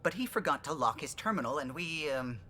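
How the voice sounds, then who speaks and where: A man's voice: fairly high pitch, animated, brisk, sharp tone, a little hiss or hum. An actor playing a friendly alien male ship pilot who talks proudly about his ship.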